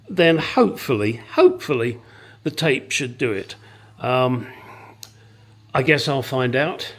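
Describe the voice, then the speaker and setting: Slow-talking man in a workshop. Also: medium pitch, a bit bright, rough recording. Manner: dry, self-deprecating, swears casually. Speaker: car restorer. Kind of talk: casual workshop vlog. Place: home workshop.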